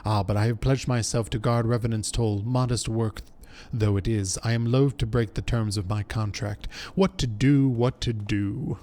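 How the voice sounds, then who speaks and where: A man reading the lines of a wary, self-serving sellsword in a game, measured and dismissive. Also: on the low side, fairly even intonation, dark tone, close to an everyday voice.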